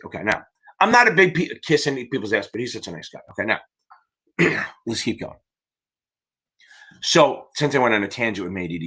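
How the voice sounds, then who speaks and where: Hyped-up, profane man with lively pitch. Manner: profane, rambling, hyped-up cheerleading. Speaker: exam prep tutor hosting a live Q&A. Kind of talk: livestream Q&A chat.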